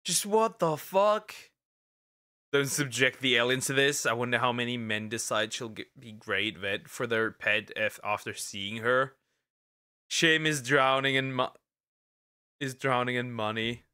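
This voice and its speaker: A man streaming as a VTuber, giving live reaction commentary with disbelieving exclamations that jump up into high outbursts. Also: steady tone, moderate pace, pushed and bright, clear, resonant tone.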